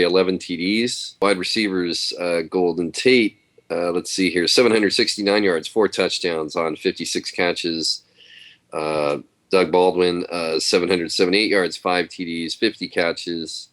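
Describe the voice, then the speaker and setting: Very deep-voiced man reading stats. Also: a little slow. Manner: steady, reading off numbers with fillers. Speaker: podcast panelist reading stats. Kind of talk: casual chat.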